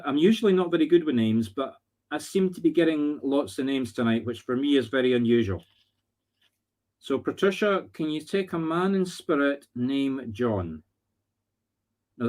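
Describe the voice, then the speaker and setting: A man's voice: mid-range voice, a little mellow. Scottish man giving earnest medium readings. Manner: earnest, halting, searching for words. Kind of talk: live-streamed spirit readings. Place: home live stream.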